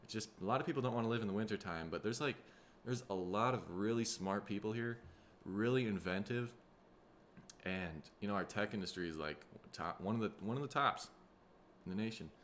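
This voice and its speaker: The solo podcast monologue comes from a Minnesota, USA host whose somewhat low voice carries a fairly bright tone. He rambles casually and profanely, sounding tired and rough in the throat, with a faint noise underneath.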